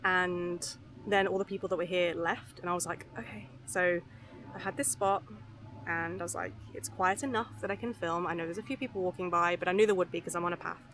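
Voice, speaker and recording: A young woman talking candidly to camera outdoors by a river, soft and unhurried with lots of fillers and restarts. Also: fairly low pitch, steady tone, a little hiss or hum. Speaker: vlogger. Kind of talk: candid rambling talk to camera. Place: outdoors beside a river on a footpath.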